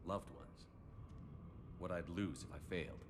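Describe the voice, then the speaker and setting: An actor voicing a calm, reassuring male commander in a video game. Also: low voice, unhurried. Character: steady male commander, resolute. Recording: game audio with steady noise.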